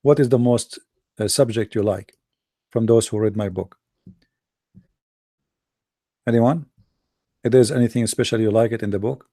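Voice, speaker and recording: Gravelly, sarcastic male host. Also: medium pitch, a little fast, mellow, no room sound, clean studio sound. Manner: sarcastic, mocking. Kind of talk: livestream talk to an audience.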